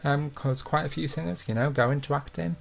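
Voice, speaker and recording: A man's voice: fairly high pitch, brisk, vocal fry. A young man hosting a live online quiz, reading each question twice and filling the gaps with chatty, self-mocking asides. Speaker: quiz host.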